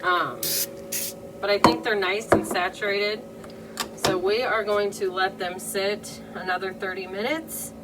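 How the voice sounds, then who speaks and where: Slow-talking Midwestern woman, distant mic. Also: mid-range voice, steady tone. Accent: Midwestern American. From American Midwest. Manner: chatty, talks straight to viewers. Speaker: DIY crafter. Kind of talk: casual how-to narration. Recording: distant mic with room noise.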